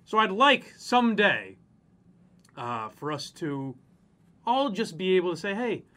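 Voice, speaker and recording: Animated high-voiced ranting man. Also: unhurried. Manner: profane, ranting, mocks people in exaggerated voices. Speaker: podcast co-host. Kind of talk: casual ranting chat.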